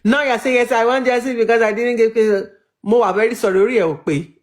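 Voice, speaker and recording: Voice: mid-range voice, fairly even intonation, fast talker. Nigerian accent, moderator, interrupting, exasperated, live audio chat. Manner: interrupts to call for order, exasperated.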